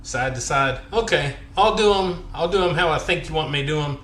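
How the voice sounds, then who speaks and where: A man's voice: a little high, brisk, a bit bright, roomy sound. Breathless man on a workout stream. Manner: counts reps aloud, chatty and joking. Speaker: fitness vlogger. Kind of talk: casual workout live stream.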